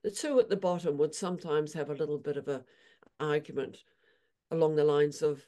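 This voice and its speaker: Mellow-voiced woman, animated storyteller. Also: deep voice, brisk. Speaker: equine therapist and author. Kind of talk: storytelling in an interview.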